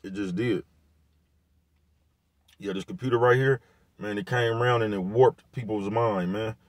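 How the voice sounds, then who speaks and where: Talking at a normal speed in a steady tone, a man with a lowish voice gives vlog commentary as a casual rant to camera. He's laid-back and repetitive, with slang and profanity all the way through. It's a dry, close recording without any echo or room sound.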